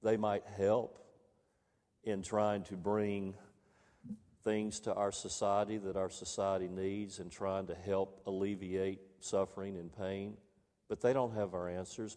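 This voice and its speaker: A man preaches in a church sanctuary, speaking unhurriedly and leaning on key phrases by repeating them. His voice sits on the low side, and a long reverb from the hall trails after his words. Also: mellow. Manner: measured, emphatic repetition of key phrases. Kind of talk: sermon with scripture reading.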